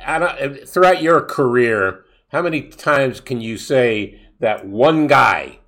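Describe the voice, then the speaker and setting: A man hosting a sports radio show, chatting casually and animatedly, sometimes acting out fans yelling. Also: medium pitch, animated, slow.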